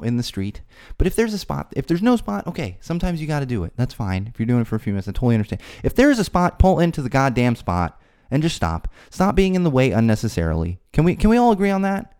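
Exasperated male podcast host, mellow voice. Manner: exasperated ranting, voice climbing high when worked up. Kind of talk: solo podcast rant. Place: home studio.

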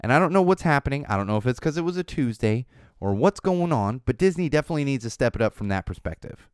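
A man in his thirties hosts a casual solo podcast, telling stories with lots of swing in his voice and dropping into muttered asides. His voice is smooth and resonant. The sound is dry and close. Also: mid-range voice, fast, dry recording. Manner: animated storytelling, ranting, drops to muttering asides. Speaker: podcast host.

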